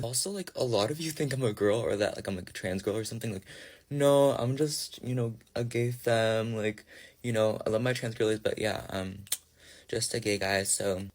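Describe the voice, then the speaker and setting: A young man opening a storytime vlog, chatting directly to his viewers in a rambling, friendly way. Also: fairly low pitch.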